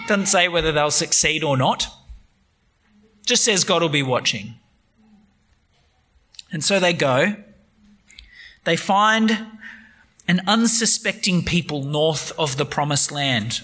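A man preaching a sermon on a Bible passage, retelling it in a lively, conversational way. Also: a little high, measured pace, pauses often.

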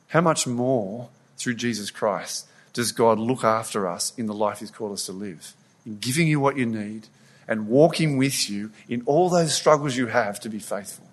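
A man preaching a sermon, retelling a scripture story in an earnest, animated way with frequent restarts. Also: medium pitch.

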